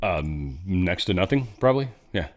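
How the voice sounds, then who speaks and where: A man's voice: sits low, very animated, normal speed, darkish tone. A man hosting casual political commentary, blunt and rambling, with swearing and off-the-cuff asides. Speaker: host.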